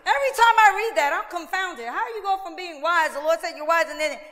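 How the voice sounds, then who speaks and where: A woman pastor preaching a lively sermon, acting out quoted voices with asides to the congregation. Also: extremely high pitch, fast talker, hardly any pauses, long reverb tail.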